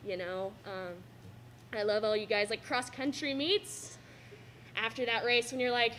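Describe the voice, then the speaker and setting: Young woman athlete, tearful, rambling speech, higher pitch. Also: unhurried, sharp tone, slight background noise. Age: young adult. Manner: laughs through tears, rambling. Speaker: student athlete giving a signing speech. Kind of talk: emotional thank-you speech. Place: school cafeteria.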